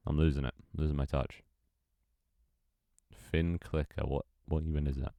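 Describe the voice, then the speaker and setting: A man's voice: very deep voice, very animated, moderate pace, pauses often, no echo, clean studio sound. A young British man with a British accent, chatting casually on a live stream, reading chat and joking with some swearing. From Britain. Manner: chatty, reads chat aloud, swears, laughs often.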